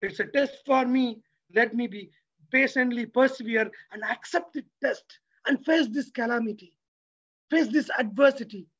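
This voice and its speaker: Man lecturing, husky voice, rhetorical questions to the room, dull lo-fi recording. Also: extremely high pitch, moderate pace. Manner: asks the audience rhetorical questions; lively, preacherly delivery. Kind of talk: motivational religious talk.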